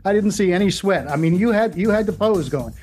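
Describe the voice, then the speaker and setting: A man's voice: sits high, lively intonation, fairly quick, a little mellow, faint music behind. Joking, chatty male podcast co-host. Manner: joking, chatty, mimics voices. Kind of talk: casual chat.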